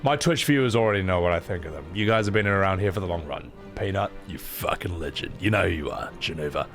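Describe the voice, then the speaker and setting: A young man streaming a game, talking casually in a rambling, profane, animated way. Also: sits low, quick pace, soft background music. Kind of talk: casual gameplay reaction stream.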